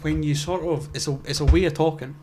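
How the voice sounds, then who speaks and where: A man's voice: a little high, fairly even intonation, a little fast, mellow, a little hiss or hum. A young man, co-hosting a casual podcast chat and rambling with lots of restarts and swearing. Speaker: podcast co-host.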